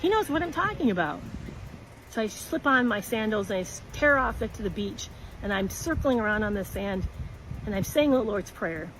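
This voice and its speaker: A woman telling a personal story in an earnest, halting way, with many restarts. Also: medium pitch, slight background noise, low-quality recording.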